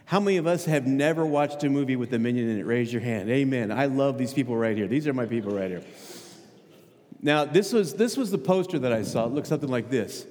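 A man's voice: medium pitch, expressive, brisk, darkish tone. A male pastor preaching a conversational sermon, asking the congregation questions and often repeating his words. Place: church sanctuary. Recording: hall with long reverb. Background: long hall reverb.

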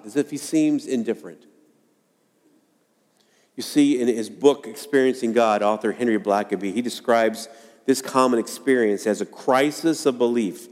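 A man preaching a sermon to a congregation, earnest and dramatic, acting out quoted lines with pauses. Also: mid-range voice, a little mellow. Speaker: pastor. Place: church sanctuary. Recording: long hall reverb.

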